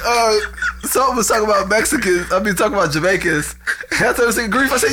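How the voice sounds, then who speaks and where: A man's voice: high voice, fast, music in the background. A man co-hosting a podcast, joking and teasing in casual chat. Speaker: podcast co-host.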